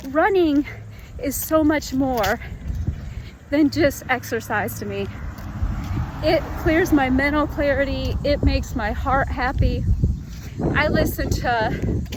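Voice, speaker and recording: A woman's voice: high voice, background noise. A woman in her fifties, out of breath after a run, talking to her viewers in an earnest, chatty way and calling them y'all. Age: 50s. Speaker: fitness vlogger. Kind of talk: casual heartfelt talk to camera.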